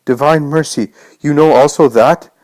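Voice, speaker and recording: A man's voice: fairly high pitch, normal speed, a little mellow, dry recording, voice pushed up, close to an everyday voice. A man voicing a terrified, repentant male assassin who cries out in panic. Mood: amazed. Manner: crying out in panic.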